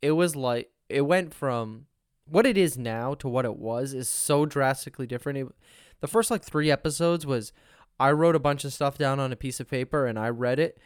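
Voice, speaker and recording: A young man with a smooth, clean voice chats easily on a podcast and laughs often. The sound is dry and close, with no room around it. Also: medium pitch, moderate pace, no echo. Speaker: podcast host. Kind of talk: casual podcast chat.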